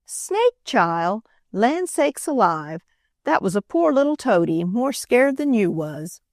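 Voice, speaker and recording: A woman's voice: medium pitch, sing-song, takes it slowly, dry recording, studio quality. A woman voicing a kind-hearted older housemaid with folksy, homely turns of speech. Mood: amused.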